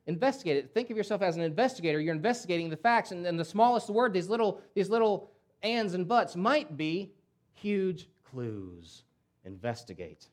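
Male pastor, somewhat high voice, passionate sermon delivery with big dynamic swings and rhetorical questions. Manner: impassioned, surges loud and high, then drops to near-hush; emphatic repetition, rhetorical questions.

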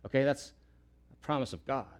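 A man preaching a sermon in an earnest way, repeating key words for emphasis and rising loud when quoting pleas. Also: mid-range voice, fairly quick. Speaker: pastor.

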